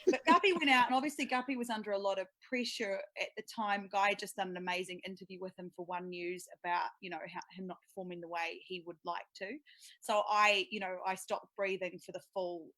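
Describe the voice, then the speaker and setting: A woman, a sports broadcaster telling a lively story in casual podcast chat and acting out quotes. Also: medium pitch, fairly quick, dry recording. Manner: animated storytelling, acts out quotes.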